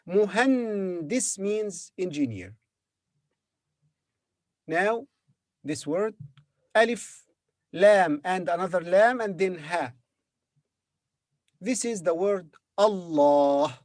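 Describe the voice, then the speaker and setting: Slow, patient male language teacher. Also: high voice, animated, dry recording, clean studio sound. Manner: patient, sounds out syllables and repeats words. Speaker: Arabic teacher. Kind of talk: slow beginner language lesson.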